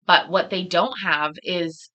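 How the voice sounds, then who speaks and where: A woman's voice: on the low side, steady tone, slow pace, bright, forceful tone. A woman hosting a casual livestream chat, telling stories with heavy swearing and acting out what other people said. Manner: profane, storytelling, acts out quoted voices. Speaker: livestream host.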